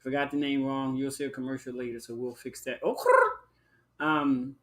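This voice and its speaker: A man hosting a live-stream talk show, chatting in a sassy, flamboyant way, calling listeners honey and child and breaking into high whoops. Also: little pitch movement, a little fast. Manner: bursts into high whooping exclamations. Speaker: livestream show host. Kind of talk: casual live-stream chat.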